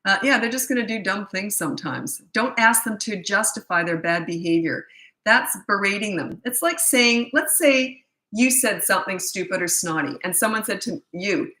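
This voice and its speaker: A middle-aged woman runs a casual live parenting Q&A, talking bluntly and poking fun at herself. Her voice is bright and forceful, and the room around her rings with echo. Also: medium pitch, lively intonation, moderate pace. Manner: chatty, blunt and self-deprecating, laughs at herself. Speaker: parenting coach hosting a live Q&A. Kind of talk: casual live-stream chat answering viewer questions. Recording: echoey room.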